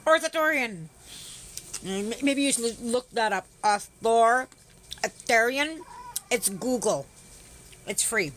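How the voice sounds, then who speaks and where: Greeting viewers on her livestream, a woman from Canada launches into a sarcastic, profanity-heavy rant. She speaks expressively at a moderate pace in a medium-pitched voice, with slight background noise present.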